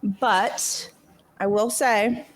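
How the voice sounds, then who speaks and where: A woman's voice: fairly high pitch, steady tone, extremely slow. Chatty woman making stream announcements. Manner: chatty, hesitant, many ums. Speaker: charity stream announcer and player. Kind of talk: casual announcements.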